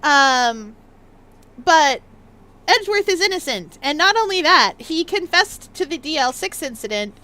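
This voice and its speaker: A woman's voice: high voice, very animated, a little slow, pushed and bright. A woman streaming a video game, chatting playfully with viewers in casual commentary. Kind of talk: casual gaming livestream commentary.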